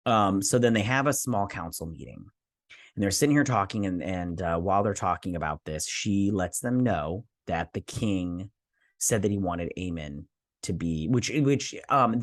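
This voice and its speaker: A man's low voice with lively intonation moves at a normal speed, captured in a dry, studio-quality recording. Hosting his TV review channel, he chats with viewers directly in a casual episode review, leaning on fillers and correcting himself often.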